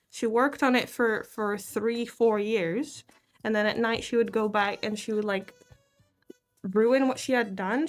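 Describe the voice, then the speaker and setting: Woman, casual vlog chat, rambling, apologetic, mid pitch, faint music underneath. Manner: rambling, self-deprecating, often laughs. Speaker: vlogger summarizing a book.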